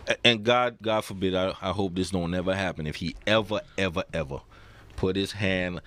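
A man's voice: deep voice, normal speed, fairly bright tone. A man talking emphatically and with profanity in a heated casual debate.

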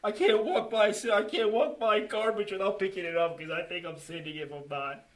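A man's voice: sits high, a little fast. A man giving an emotional personal testimony to a church group, earnest and full of restarts, acting out his own and others' remarks as he tells the story. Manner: emotional, earnest, with many restarts and quoted dialogue.

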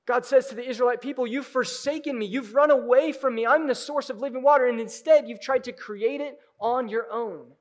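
A man preaching a sermon in a church, moving from hushed, intimate moments to loud, urgent cries. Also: very high-pitched, brisk, hardly any pauses. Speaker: pastor. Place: church sanctuary.

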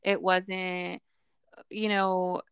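Blunt young woman with a gravelly voice. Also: fairly low pitch, level tone, extremely slow, fairly bright tone, dry recording, clean studio sound. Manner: blunt and frank, swears freely. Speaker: podcast host. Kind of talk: casual chat.

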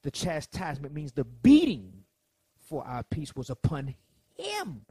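A man preaching a sermon, swinging between soft lines and loud ones as he acts out quotes. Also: on the high side, huge pitch swings, measured pace, slightly rough, dry recording.

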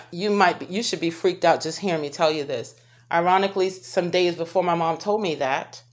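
A woman with a deep, low voice recounts her own experience to her viewers. She speaks in an emotional, halting way, often breaking off and starting her sentences over. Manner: halting and emotional, with many restarts. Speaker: vlogger telling her own story. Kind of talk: personal testimony to camera.

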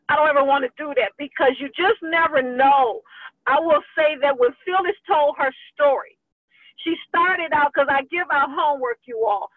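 A woman's voice: high-pitched, measured pace, dry recording. A woman ministry leader giving a fervent, emotional online church address to her group, talking folksy and direct. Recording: dry, tinny phone-like line.

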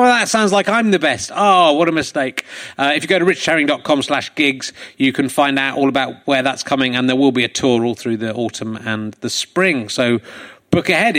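A man's voice: on the high side, fairly quick, fairly bright tone. A man hosting a live comedy podcast on a theatre stage, joking and self-deprecating. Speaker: podcast host. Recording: live theatre with crowd and music.

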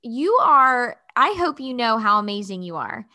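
A woman host with a fairly high, bright voice, gushing with praise for her guest. She talks in loose casual chat, peppered with "like" and quick restarts. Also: sing-song. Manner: effusive, gushing praise, lots of "like".

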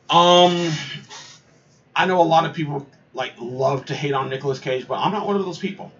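A man's voice: medium pitch, big pitch swings, a little fast, fairly bright tone, muffled recording, a little hiss or hum. A man hosting a casual video, reading movie opinions aloud and reacting in a rambling way, full of fillers and repeated words.

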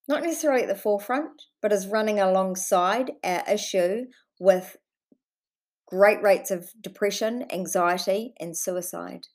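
A woman with a New Zealand accent talks straight to her podcast listeners in a solo monologue. She speaks with earnest passion, drops the odd swear word, and addresses her audience with affection. Her pitch sits in an ordinary middle range for a woman. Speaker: podcast host.

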